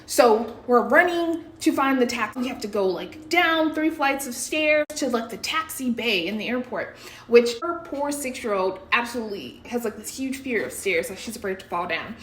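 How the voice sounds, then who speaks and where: Speaking at a moderate pace in a slightly high voice, this American woman in her thirties casually recounts a story to viewers in a roomy-sounding space. She gets animated and breathless, performing her own panicked yells.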